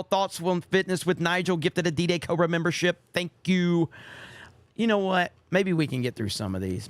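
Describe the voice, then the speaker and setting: A hoarse man hosting a live stream, casually reading viewer messages aloud with quick rambling asides. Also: on the high side, no room sound. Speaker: livestream host.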